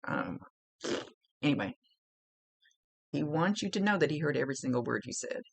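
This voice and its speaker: A woman's voice: sits low, very animated, moderate pace, gravelly, husky. A middle-aged woman giving a recorded psychic reading in a chatty, emotional, blunt way, swearing freely. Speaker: psychic medium.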